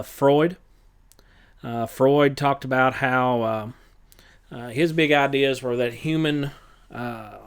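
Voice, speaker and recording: Halting male teacher reviewing for a test. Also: medium pitch, clean tone. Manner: halting, many filler pauses; plain, matter-of-fact instruction.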